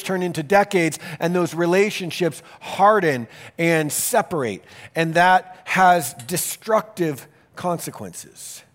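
A male pastor delivering a sermon in an earnest, emphatic style, speeding up and slowing down for emphasis. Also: sits high, fairly bright tone. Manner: earnest, emphatic preaching with varied pace.

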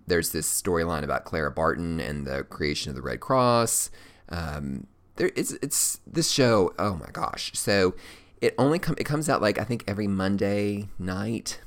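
Guy with a deep low voice raving about a tv show, super gushy, lots of ums. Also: fairly bright tone. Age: adult, working. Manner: gushing, effusive, many fillers. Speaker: show host recommending TV series. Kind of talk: casual enthusiastic review.

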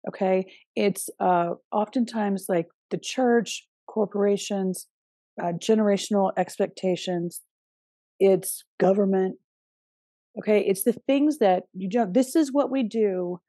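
A woman hosting a podcast, talking in a relaxed, conversational way with casual fillers and the odd swear word. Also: mid-range voice, a little slow, no echo. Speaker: podcast host. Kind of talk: casual spoken monologue.

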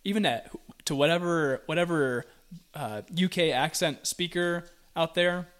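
A man's voice: on the high side, measured pace, a bit bright. An American man hosting a casual chat, easygoing and laughing often. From United States.

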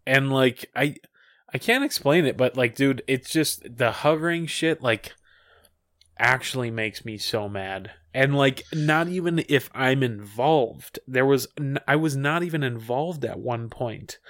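A man's voice: medium pitch, measured pace, fairly bright tone, dry recording. A podcast co-host, a man in casual chat who rambles through filler words and restarts. He swears freely and keeps circling back to his point. The sound is dry and close to the mic.

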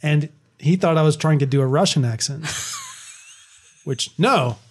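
A man's voice: a little high, big pitch swings, slow pace, slightly rough. A man chatting casually as a podcast co-host, rambling with frequent laughs and restarts. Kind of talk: casual chat.

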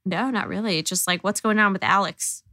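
A young woman chats as a podcast guest, tossing in sarcastic asides and laughing often. Her voice is bright. The recording is dry and close, with no room sound. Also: mid-range voice, moderate pace, dry recording. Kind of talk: casual chat.

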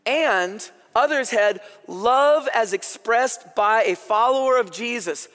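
High-voiced man preaching in a reverberant hall. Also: measured pace, hardly any pauses. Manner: storytelling, animated and conversational. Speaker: pastor. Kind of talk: sermon.

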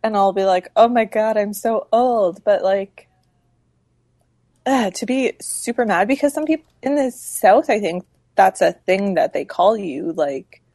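A woman's voice: medium pitch, expressive, a little slow, darkish tone, no room sound. A woman guest on a casual podcast, chatty and poking fun at herself. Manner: chatty, self-mocking.

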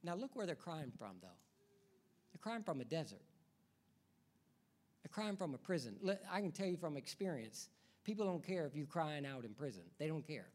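A man's voice: on the high side, very animated, normal speed, long pauses, a little mellow. A man preaching a sermon as pastor, building his points through rhythmic repetition and rhetorical questions to the congregation.

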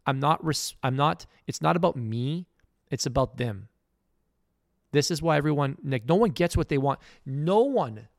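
A man's voice: fairly high pitch, animated, moderate pace, no room sound, studio quality. A middle-aged man hosting a podcast, giving a blunt, emphatic motivational monologue. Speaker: podcast host.

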